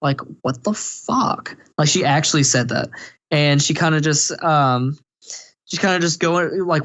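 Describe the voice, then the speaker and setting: A man's voice: medium pitch, fairly bright tone. Young man, podcast co-host, rambling rant, profane, lots of fillers, dull lo-fi sound.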